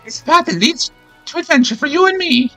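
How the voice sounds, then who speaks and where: A man voicing a cheery game guide character in an exaggerated falsetto while reading the game's dialogue aloud. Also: lively intonation, brisk, a bit bright, soft background music. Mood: chirpy.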